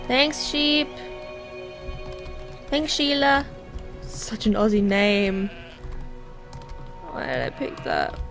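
A woman's voice: fairly high pitch, sing-song, extremely slow, long pauses, fairly bright tone, soft background music. A woman giving casual, rambling let's play commentary, chatting to herself as she plays.

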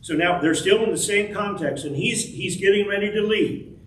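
A man's voice: high voice, moderate pace, fairly bright tone. A man teaching a casual Bible class, talking conversationally and acting out the quoted speech in the story. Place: church classroom. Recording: roomy, distant mic, faint room noise.

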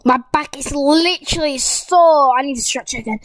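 Young gamer girl, high-pitched and dry-miked, excitable rambling game commentary to viewers. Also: measured pace, hardly any pauses, no room sound, poor audio. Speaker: gaming YouTuber. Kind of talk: casual gameplay commentary.

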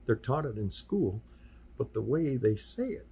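Husky-voiced man, 60s. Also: medium pitch, very animated, measured pace, warm tone. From US Midwest. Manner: anecdotal, acts out quoted dialogue in passing. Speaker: sign painter and workshop teacher, podcast guest. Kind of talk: casual interview storytelling. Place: podcast studio.

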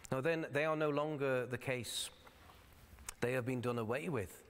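A man's voice: medium pitch, normal speed, slight background noise. A male pastor delivering a sermon in a conversational, explanatory way, sometimes reading scripture in old-fashioned wording. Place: church sanctuary. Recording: long church hall reverb.

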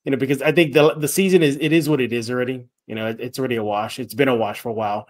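Energetic sports podcast host, man. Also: medium pitch, rapid-fire. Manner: energetic, rambling, repeats himself. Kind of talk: sports podcast talk with read ads.

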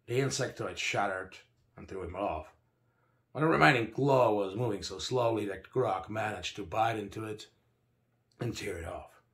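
A man reading a first-person story aloud with dramatic pacing, slowing down for emphasis. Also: fairly low pitch. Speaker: narrator. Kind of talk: first-person audiobook narration.

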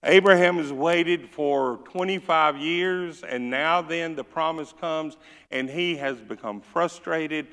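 Southern pastor, gravelly, folksy sermon delivery, church hall reverb. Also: male voice, on the high side, slow pace, a bit bright. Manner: folksy, joking, reads scripture with rising force. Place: church sanctuary.

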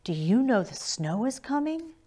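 A woman's voice: fairly high pitch, sing-song, normal speed, dark tone, voice pushed up. A woman voicing a small, curious young male yak calf in a read-aloud storybook, asking eager questions in a raised voice.

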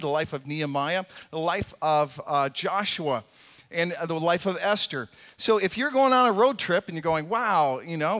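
A man preaching a sermon as lead pastor, talking casually with many fillers and restarts, and dropping to a soft, low voice when he prays. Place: church sanctuary.

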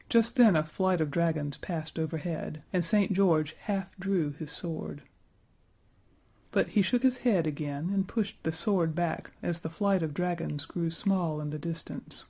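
A man narrates a fairy tale aloud, steady and even in his reading. His voice sits warm and mellow with a husky grain. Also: on the high side, unhurried. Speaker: storyteller. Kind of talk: storybook narration.

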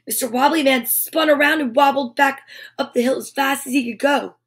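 A woman hosting a children's show, reading a storybook aloud with animated narration and whispered asides. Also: high voice, moderate pace. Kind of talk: storybook read-aloud for kids.

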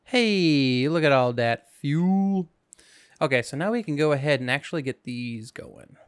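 A man's voice: a little high, animated, a little slow, no echo, studio quality. A man hosting a casual let's-play, talking through his game in a goofy, rambling way with jokes to himself, sleepy and yawning. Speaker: gaming channel host.

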